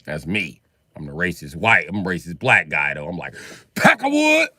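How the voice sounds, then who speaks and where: A man talking casually on a live stream in a profane, animated way, breaking into laughs between remarks. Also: very deep voice, a little fast, no room sound.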